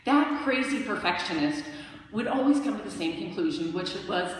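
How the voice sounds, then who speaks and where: A woman telling a true story on stage to a live audience, wry and self-mocking, pausing for laughs. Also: medium pitch, lively intonation, a little hiss or hum. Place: large hall with a live audience. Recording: distant echoey hall recording.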